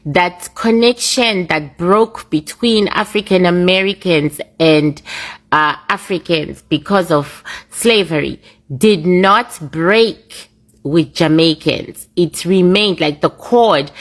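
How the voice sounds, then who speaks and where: A woman giving an earnest, emphatic casual monologue. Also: lowish voice.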